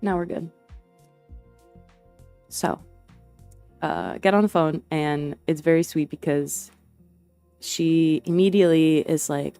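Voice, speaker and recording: Soft-spoken young woman rambling on stream. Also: low voice, expressive, takes it slowly, creaky, long pauses, smooth, soft background music. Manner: rambling and hesitant, many fillers and restarts, laughs often. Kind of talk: casual livestream chat.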